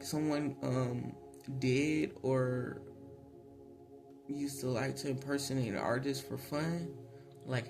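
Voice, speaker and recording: A man giving a casual spiritual tarot reading, chatty, laughing often and filling pauses with ums. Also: medium pitch. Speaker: tarot reader. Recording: voice over clear background music.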